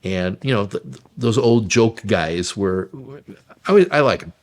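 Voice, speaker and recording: A man from a vaudeville troupe telling stories about his work in an interview, in a halting way with fillers and laughter. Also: lowish voice, lively intonation. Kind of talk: interview storytelling.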